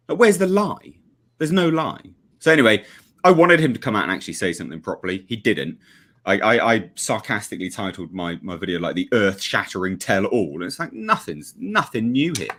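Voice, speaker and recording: A man's voice: fairly low pitch, big pitch swings, a little fast, fairly bright tone. A man giving blunt, sweary, sarcastic livestream commentary as a regular panelist.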